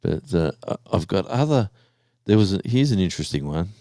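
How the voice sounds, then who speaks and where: Deep-voiced Australian man streaming live. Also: very animated, brisk, dark tone, dry recording, clean studio sound. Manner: rambling, chatty, easygoing. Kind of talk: casual live stream chat.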